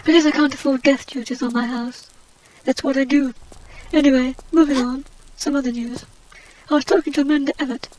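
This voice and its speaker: A woman's voice: high-pitched, darkish tone, slight background noise, lightly acted, poor audio. A woman voicing a haughty, out-of-work adventurer heroine, rambling snobbish gossip over gameplay commentary.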